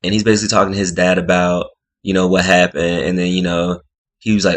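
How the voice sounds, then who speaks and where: A man's voice: deep voice, little pitch movement, quick pace. A man casually recapping a reality show episode in a rambling way, full of filler words. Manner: rambling, full of "like" and "you know".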